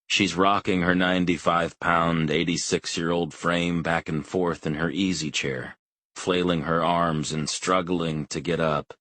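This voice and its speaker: Very deep-voiced male audiobook narrator. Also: no echo. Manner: calm, measured first-person reading. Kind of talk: scripted narration.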